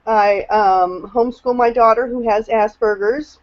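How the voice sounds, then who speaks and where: A woman's voice: on the high side, steady tone, measured pace, muffled recording. A woman on a video call sharing her experience as a new team member in a rambling, emotional way, full of fillers and restarts. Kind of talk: casual testimonial on a video call.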